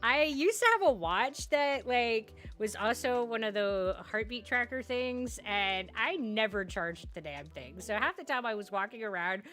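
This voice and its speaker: A woman's voice: fairly high pitch, expressive, a little slow, hardly any pauses, a bit bright, soft background music. A woman live streamer chatting casually with her viewers, talking loosely with lots of "like"s and frequent laughter. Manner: chatty, laughs often, many filler "like"s. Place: home streaming setup.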